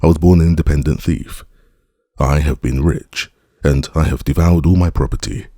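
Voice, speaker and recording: A man's voice: a bass voice, fairly even intonation, normal speed, dark tone, no room sound, clean studio sound. A man voicing a boastful young male rogue in armor in an audiobook, with rowdy, swaggering declamation.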